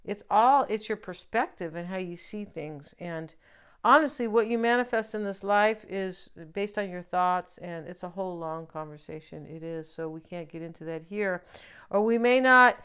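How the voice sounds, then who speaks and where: A woman's voice: medium pitch, moderate pace, a bit bright, clean tone. A woman giving a casual tarot reading, chatty and joking, with lots of fillers and asides to the viewer. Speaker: tarot reader.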